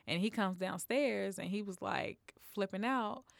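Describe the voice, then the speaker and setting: A woman comedian telling a personal story in conversation, lively and acting out the people she quotes. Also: mid-range voice, unhurried, vocal fry, no echo, clean studio sound. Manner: animated, acts out quoted voices. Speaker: guest, comedian.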